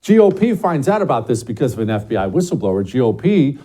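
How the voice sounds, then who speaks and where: A middle-aged man hosting an opinion show, talking emphatically and swinging between loud bursts and low, muttered asides. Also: sing-song, quick pace. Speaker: show host. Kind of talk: opinionated commentary monologue.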